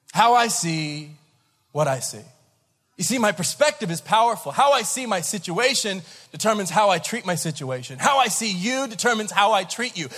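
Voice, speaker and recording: A man in his thirties preaching a sermon, telling a story with lively acted-out voices and laughter. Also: high-pitched. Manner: animated storyteller, acts out voices, laughs along. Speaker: pastor. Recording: large hall with long reverb.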